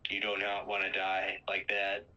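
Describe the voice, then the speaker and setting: A man's voice: low voice, completely flat delivery, normal speed, bright, forceful tone, highs cut off, a little hiss or hum. A man casually retelling a movie's plot, rambling with lots of fillers and acting out quoted lines.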